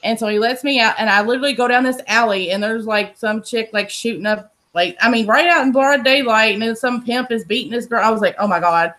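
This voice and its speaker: A woman's voice: fairly high pitch, a little fast, few pauses. Blunt, foul-mouthed woman. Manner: profane, blunt, animated. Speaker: podcast host telling a story. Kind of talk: casual storytelling.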